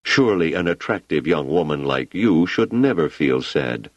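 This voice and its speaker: A man voicing a kindly, absent-minded older male scholar who speaks slowly and reassuringly. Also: rumbling low, expressive, no room sound, dull audio.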